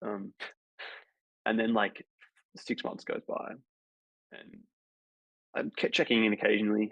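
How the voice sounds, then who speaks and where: In an unhurried way, pausing often, a male actor guest tells a long, rambling anecdote stuffed with fillers during a casual podcast interview. His low, gravelly voice shows little pitch movement. No room sound is heard in the dull, dry lo-fi audio.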